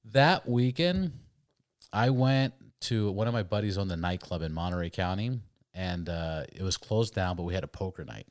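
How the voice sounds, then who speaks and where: A man's voice: low voice, expressive, moderate pace, no echo, clean studio sound. A man in his forties from California, telling rambling, profane stories as a podcast guest. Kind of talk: casual storytelling.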